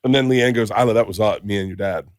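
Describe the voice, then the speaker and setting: A middle-aged man with a somewhat low voice hosts a podcast in casual chat. He tells profane, rambling stories, jumping into the voices of the people in them. The sound is close and dry, with no room behind it. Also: fast, dry recording. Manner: profane, rambling storyteller acting out quotes. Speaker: podcast host.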